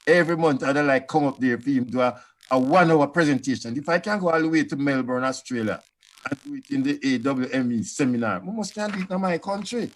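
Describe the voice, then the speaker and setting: Animated older Jamaican man telling stories. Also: mid-range voice, quick pace. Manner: animated, acts out quoted voices. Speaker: panelist. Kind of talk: storytelling panel talk.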